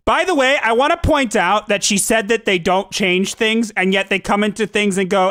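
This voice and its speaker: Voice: mid-range voice, moderate pace, few pauses, a bit bright, dry recording, studio quality. A host giving sarcastic reaction commentary, full of mocking asides.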